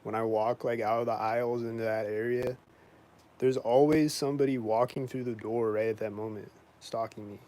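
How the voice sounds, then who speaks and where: A man's voice: medium pitch, fairly even intonation, normal speed, warm tone, poor audio. A man vlogging in a casual, rambling monologue, indignant and complaining, filling his talk with "like" and frequent swearing.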